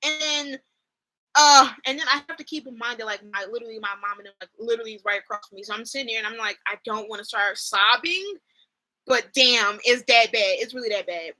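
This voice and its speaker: A young woman chatting casually on a live stream, expressive and slangy, swearing freely and reacting to chat. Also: a little high, quick pace, poor audio.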